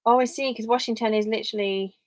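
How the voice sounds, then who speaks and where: A woman's voice: on the high side, steady tone, fast talker, no echo, poor audio. A young English woman chatting casually on a live stream from her home office, rambling and thinking aloud as she reads viewer comments.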